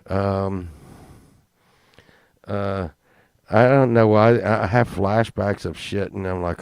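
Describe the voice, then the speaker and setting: A man's voice: on the low side, fairly even intonation, slow, gravelly, long pauses, darkish tone, smooth, no echo, studio quality. A man telling a crude comic story in a rambling, profane, casual way, laughing along. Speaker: podcast host.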